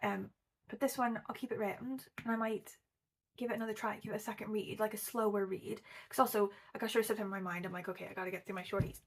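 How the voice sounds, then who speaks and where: Gravelly rambling woman vlogger. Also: mid-range voice, steady tone, fairly quick. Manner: rambling, full of likes and ums. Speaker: booktuber. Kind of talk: casual book vlog chat.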